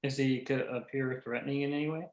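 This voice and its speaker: A man's voice: mid-range voice, fairly even intonation, fast, muffled recording. A man playing a tabletop game, asking questions in a hesitant, casual way. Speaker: player. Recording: echoey room, faint noise.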